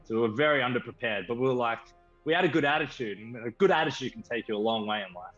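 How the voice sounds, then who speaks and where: An Australian man, a band member guest, telling a story with lively enthusiasm. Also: medium pitch, fast talker. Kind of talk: casual storytelling. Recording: slightly dull stream audio with faint music.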